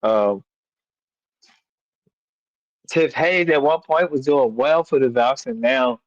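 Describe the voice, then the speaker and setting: Slow-talking man hosting a sports stream. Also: mid-range voice, no echo. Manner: rambling with fillers, playful sing-song chanting. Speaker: sports podcast host. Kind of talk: casual live-stream sports chat. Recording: dull lo-fi dry mic.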